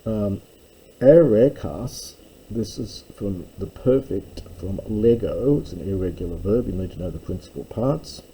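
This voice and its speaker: Male teacher, husky dark tone, unhurried methodical delivery. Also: fairly low pitch, lively intonation, low-quality recording. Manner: methodical, explains grammar terms with pauses and fillers. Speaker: Greek teacher. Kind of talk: slow line-by-line translation lesson.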